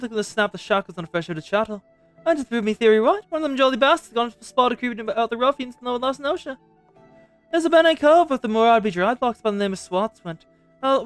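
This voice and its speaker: A man voicing a swaggering male pirate rogue in a rough drawl, while reading game dialogue aloud. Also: extremely high pitch, no echo, pitched above the performer's own voice.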